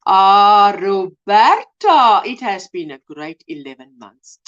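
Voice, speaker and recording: A woman's voice: mid-range voice, sing-song, takes it slowly, a bit bright. An older woman from South Africa hosting a casual livestream, reading out viewer comments and calling people sweetheart and darling. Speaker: livestream host. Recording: dull lo-fi livestream audio.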